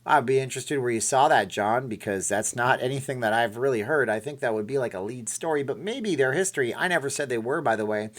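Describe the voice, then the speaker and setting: A man's voice: medium pitch, fast talker, hardly any pauses. Chatty man hosting a live stream. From Canada. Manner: rambling, chatty, corrects himself often. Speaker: live stream host reading chat. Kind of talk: casual live stream chat.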